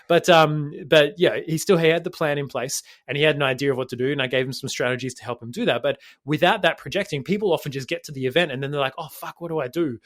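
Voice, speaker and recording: A man co-hosting a podcast as a fitness coach, rambling quickly and swearing casually. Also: on the high side, fairly even intonation, fairly bright tone, dry recording, clean studio sound. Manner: fast, rambling, swears casually, says mate.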